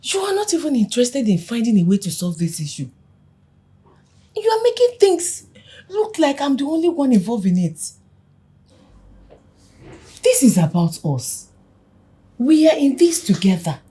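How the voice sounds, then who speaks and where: An actress playing an emotional parent who moves between whispered relief and pleading. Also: female voice, on the high side, big pitch swings, fast, hardly any pauses, warm tone. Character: parent longing for a lost daughter, emotional.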